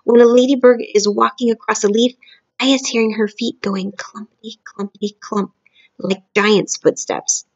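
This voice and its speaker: A woman's voice: fairly high pitch, steady tone, moderate pace, highs cut off, close to an everyday voice. A woman voicing a kindly big friendly male giant who speaks in mangled grammar and made-up words. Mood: earnest. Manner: earnest, wondering, jumbled made-up words.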